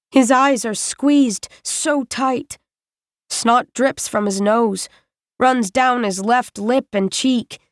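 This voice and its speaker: A woman reading a first-person novel aloud as an audiobook narrator, in a measured, deliberate way. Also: on the high side, dry recording, studio quality.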